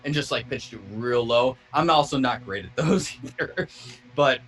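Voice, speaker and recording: A man's voice: mid-range voice, normal speed, fairly bright tone, soft background music. A man on a casual podcast among friends, talking loosely about scream singing, swearing and rambling with many restarts. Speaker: podcast co-host explaining scream vocals.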